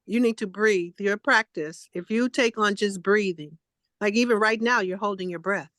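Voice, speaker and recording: A woman talks a friend through slow breaths, coaxing and affectionate, calling her honey and baby. Her voice sits close and dry, with almost no room sound around it. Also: mid-range voice, no echo. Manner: warm, coaxing, calls people honey and baby. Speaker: co-host. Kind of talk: supportive group talk, coaching breathing.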